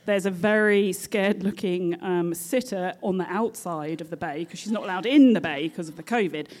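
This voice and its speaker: A woman with a British accent, a nurse telling a personal story in a lively, animated way with frequent laughter. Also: fairly low pitch, normal speed.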